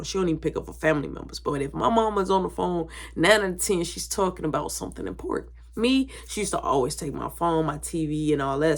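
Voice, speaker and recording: Animated young woman telling a family story. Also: low voice, vocal fry. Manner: animated, acts out quoted voices, drops to whispers. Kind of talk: casual storytime.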